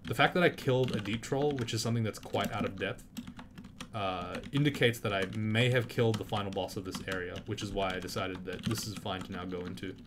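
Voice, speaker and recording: Brisk and lowish-voiced, a man cusses casually through his let's-play and gets indignant whenever enemies show up. His mic catches loud keyboard clicks over a noisy background.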